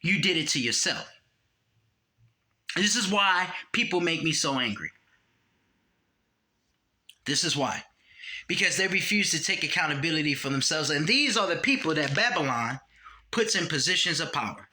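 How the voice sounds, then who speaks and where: A man giving a blunt, profane, preachy monologue, quoting scripture and swinging between raised emphasis and low, dropped-voice warnings. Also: expressive, moderate pace, long pauses, sharp tone. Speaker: religious commentator.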